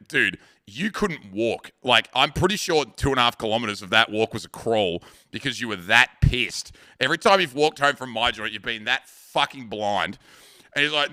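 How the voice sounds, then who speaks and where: A man's voice: mid-range voice, big pitch swings, moderate pace, pushed and bright, faint music behind. A young Australian man streaming, telling crude stories to his chat and often laughing while he talks. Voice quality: crude, swears freely, laughs through stories. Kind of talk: casual live-stream storytelling.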